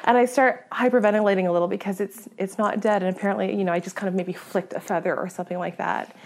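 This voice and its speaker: A woman telling a story as a guest in a conversation, animated, laughing often and acting out her own reactions. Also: mid-range voice, fast talker. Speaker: guest hunter.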